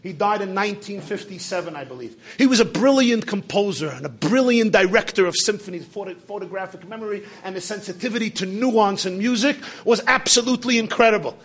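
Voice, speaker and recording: A man preaching a sermon, telling a story, swinging between shouts and hushed asides, and sprinkling in Hebrew and Yiddish terms. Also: high-pitched, animated, fairly quick, few pauses, slightly rough.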